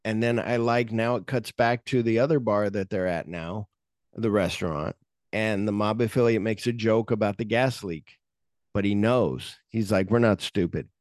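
A man's voice: lowish voice, steady tone, normal speed, a little mellow, no echo, studio quality. A man hosting a podcast, casually retelling film scenes in a rambling way, full of "like". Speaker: podcast host.

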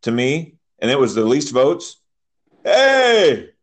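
A man co-hosting a podcast, animated as he tells referee stories and mimics yelling fans. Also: mid-range voice, normal speed. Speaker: podcast co-host, soccer referee. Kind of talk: casual chat.

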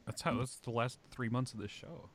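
A man hosting a podcast in casual chat, animated and swearing, with big swings in pitch. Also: normal speed, no echo, soft background music. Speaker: podcast host.

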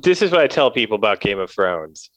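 A man's voice: lowish voice, fairly quick, no room sound, lo-fi sound. A man in his thirties co-hosting a casual chat, ranting with animation. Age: 30s. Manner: animated, mimics others when ranting. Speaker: podcast co-host.

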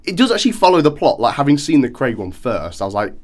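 A man in casual film chat on a podcast, animated and acting out quoted reactions. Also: medium pitch, fast.

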